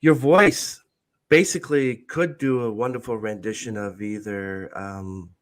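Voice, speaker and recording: A man hosting an interview, getting over bronchitis and clearing his throat, asking halting questions with frequent restarts and apologies. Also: on the low side, fairly even intonation. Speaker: podcast host.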